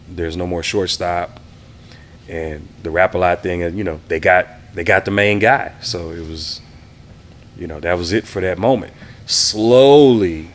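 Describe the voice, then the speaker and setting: A man in his fifties from the Houston area, telling relaxed stories as an interview guest and acting out what people said. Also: low voice. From Houston area, Texas. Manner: relaxed, reminiscing, acts out quoted voices. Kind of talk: casual interview storytelling.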